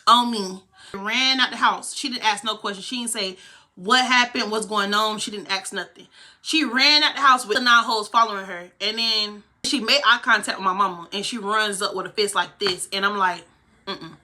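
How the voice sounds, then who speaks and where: A woman's voice: medium pitch, normal speed, bright, forceful tone. A young woman vlogger telling a heated, profane story from her own life. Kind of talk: storytime vlog.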